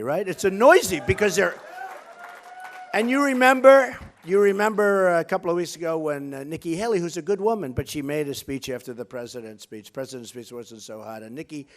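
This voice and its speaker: Fairly high-voiced male candidate, off-the-cuff rally speech, rambles, repeats himself, brags. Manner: rambling, repetitive, boastful. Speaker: political candidate. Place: rally stage.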